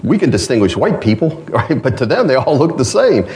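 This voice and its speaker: A man's voice: medium pitch, sing-song, brisk, a little mellow. Folksy male preacher with a northern accent. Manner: folksy, conversational preaching with asides. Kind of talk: sermon.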